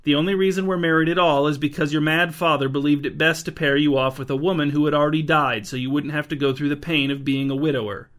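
A man's voice: on the high side, fairly even intonation, fast talker, hardly any pauses, fairly bright tone, lightly acted. A man doing a blunt, bored queen. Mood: dry. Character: dry, bored adult queen, blunt and unimpressed.

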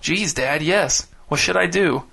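A man's voice: on the high side, a little slow, creaky, sharp tone, full character voice. A man voicing a frightened twelve-year-old boy. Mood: timid. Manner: timid, pleading.

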